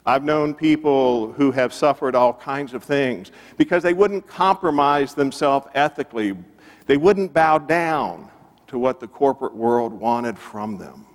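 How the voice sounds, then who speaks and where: Emphatic preacher in a reverberant church. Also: male voice, mid-range voice, animated, a little slow. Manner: emphatic, building repetition. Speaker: pastor. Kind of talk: sermon. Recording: long reverb of a church hall.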